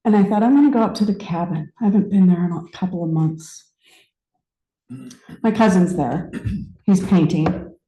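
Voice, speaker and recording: A woman in her fifties giving a personal story sermon, conversational and reflective, with pauses and restarts. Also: lowish voice, warm tone, echoey room, poor audio. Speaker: speaker at a spiritual center.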